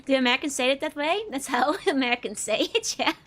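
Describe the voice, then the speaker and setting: A woman's voice: high-pitched, lively intonation, quick pace, fairly bright tone. A woman streaming a game and chatting casually, giggling often as she comments. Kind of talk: casual let's-play commentary.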